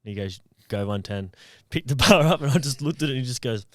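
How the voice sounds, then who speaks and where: A man's voice: mid-range voice, lively intonation, rapid-fire, dry recording, clean studio sound. A man, a podcast co-host joking and laughing through casual banter, a little off the mic. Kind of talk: casual chat.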